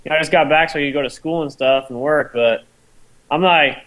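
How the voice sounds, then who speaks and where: A young man from Arizona talking casually as a podcast guest, his voice sitting a little high. He is laid-back and slangy, stumbling and hedging as he talks. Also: fairly quick, a bit bright, low-quality recording. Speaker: guest racer. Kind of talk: casual chat.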